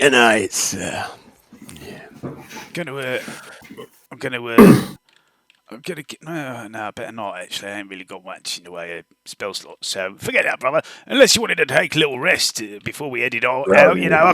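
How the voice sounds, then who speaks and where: A man's voice: a little high, creaky, dry recording, studio quality, full character voice. A man doing a rowdy cockney goblin minion. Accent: put-on Cockney. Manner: loud, jokey, laughing.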